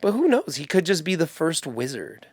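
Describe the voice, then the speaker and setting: A man's voice: on the high side, sing-song, normal speed, darkish tone. A man co-hosting a podcast, chatting loosely about a fantasy series, rambling and swearing casually. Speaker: podcast co-host.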